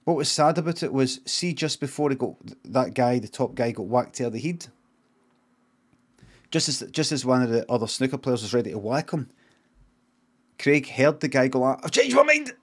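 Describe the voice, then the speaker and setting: A middle-aged Scottish man improvising a comic story, rambling and deadpan, swearing freely and drifting off on tangents. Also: medium pitch, moderate pace, long pauses. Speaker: streamer.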